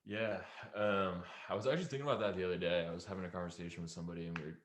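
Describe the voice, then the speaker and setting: A young man, a guest musician, chatting in a relaxed, rambling way full of fillers. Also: sits low, very fast, a little hiss or hum. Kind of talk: casual chat.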